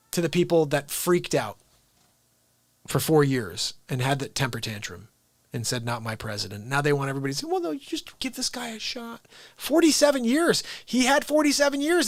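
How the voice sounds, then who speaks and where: A man's voice: fairly high pitch, expressive, normal speed, a bit bright, no echo. A man hosting his daily live stream, ranting casually and talking straight to his viewers. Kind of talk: unscripted live-stream chat.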